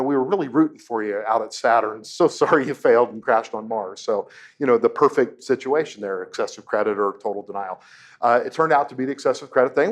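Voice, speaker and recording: A man, a propulsion engineer, giving a humorous public lecture to an audience in a lecture room, telling anecdotes and quizzing the crowd. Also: mid-range voice. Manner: storytelling, self-deprecating jokes, quizzes the audience.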